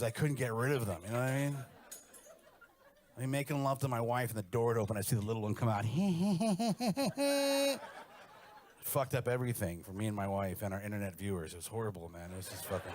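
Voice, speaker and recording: A middle-aged man with a medium-pitched voice performs a stand-up comedy set, telling crude stories in a brash, animated style.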